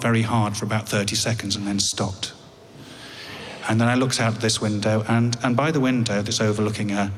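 An English man telling a personal story on stage, with a wry, halting delivery that repeats words. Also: lowish voice, in a large hall, slight background noise. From England.

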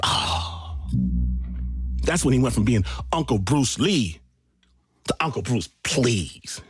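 A man hosting a storytelling show, telling a personal story in an animated way with shouted sound effects. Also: medium pitch, unhurried, husky, no room sound, clean studio sound. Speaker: host and storyteller. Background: music.

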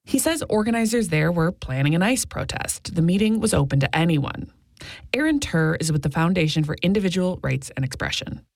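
Low, gravelly-voiced female news correspondent. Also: lively intonation, fairly quick, no room sound. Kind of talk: scripted news report.

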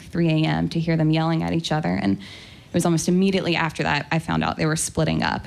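A woman's voice: on the low side, vocal fry. Young woman, first-person storytelling, candid and wry, casual ums and likes.

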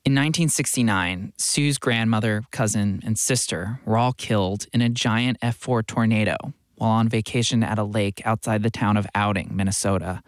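A man giving a scripted radio narration in a measured, steady voice. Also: lowish voice, no room sound, clean studio sound. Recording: music bed under the voice.

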